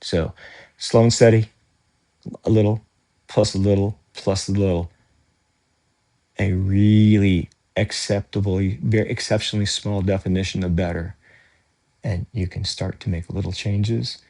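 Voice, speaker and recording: A man's voice: deep voice, a little mellow. A man talking casually while he stretches, rambling and correcting himself, a little winded from the exercise. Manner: rambling, self-correcting, breathy exclamations. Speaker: vlogger doing stretching exercises.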